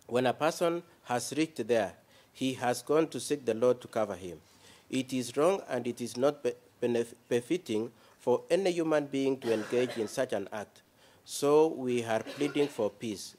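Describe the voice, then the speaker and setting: A man speaking as defence counsel in a courtroom, addressing the judges formally and reading quoted passages aloud in a measured way. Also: medium pitch, a little mellow.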